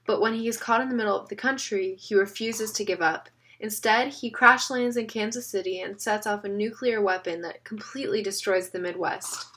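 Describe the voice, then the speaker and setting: A woman's voice: mid-range voice, fairly even intonation, normal speed, few pauses, a bit bright, lightly acted. A woman reading the lines of an earnest man who patiently explains things. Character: earnest serious man, time-law enforcer. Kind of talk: audiobook reading.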